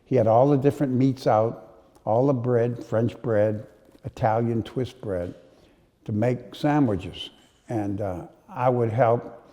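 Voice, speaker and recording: Older new orleans guy telling old stories, mellow warm voice, long echo in the room. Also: mid-range voice. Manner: storytelling, unhurried, with frequent uh fillers. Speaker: interviewee. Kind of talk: reminiscing interview. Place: historic house. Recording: long hall reverb.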